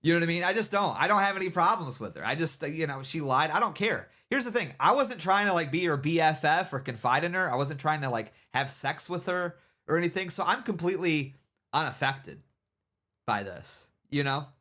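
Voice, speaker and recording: A man's voice: fairly high pitch, lively intonation, fairly quick, pushed and bright. A man hosting a livestream, giving casual, rambling commentary and mocking people, with many repeated "you know what I mean"s. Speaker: livestream host.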